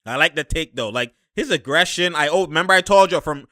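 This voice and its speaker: A young man talking casually and excitably as he reacts to basketball footage, laughing and using slang. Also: on the high side, fairly quick, dry recording, clean studio sound. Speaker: sports commentator reacting to game footage. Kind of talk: casual live game reaction.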